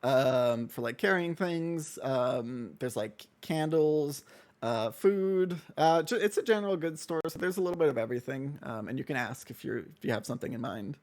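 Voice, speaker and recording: A game master describing a scene in a tabletop game, with frequent pauses and restarts. The voice sits in a middle register and is recorded close on a desk microphone. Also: mid-range voice, expressive, darkish tone. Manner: hesitant, lots of fillers and restarts.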